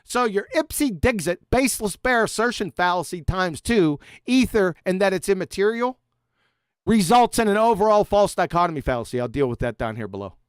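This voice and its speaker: A man ranting sarcastically at a critic, swearing heavily and swinging between loud jabs and low mutters. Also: no room sound, studio quality. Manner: sarcastic, insulting, heavy swearing. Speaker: YouTube debunker. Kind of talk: profane mocking rant reacting to a critic.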